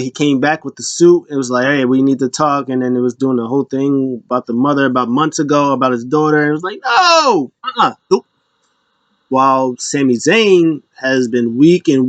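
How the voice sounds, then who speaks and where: A man's voice: mid-range voice, no echo. A man casually recapping wrestling events in a rambling way, acting out what people said in raised voices. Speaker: podcast host.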